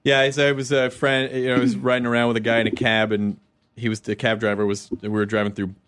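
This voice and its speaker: A man's voice: mid-range voice, level tone, fast, a bit bright, clear, resonant tone. A man hosting a casual chat, playful and full of questions. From Kentucky and Tennessee, USA. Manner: playful, joking, asks questions.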